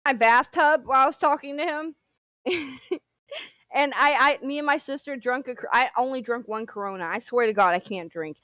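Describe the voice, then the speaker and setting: A woman with an East Tennessee accent chats loosely on a livestream, giggling and restarting her sentences. Her voice sits a little high. The sound is dry and close. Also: normal speed, fairly bright tone, dry recording. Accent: East Tennessee Southern. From near Washington DC, raised in Tennessee. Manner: giggly, rambling, with many fillers and restarts. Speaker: livestream guest. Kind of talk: casual livestream chat.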